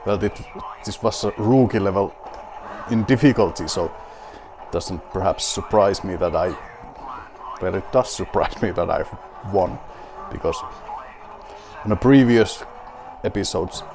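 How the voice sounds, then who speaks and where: Slow, low-voiced Finnish-accented gamer man. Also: background noise. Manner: wry, mock-grand self-talk. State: drinking beer while playing. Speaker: gaming video host. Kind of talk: playing a rally game with running commentary.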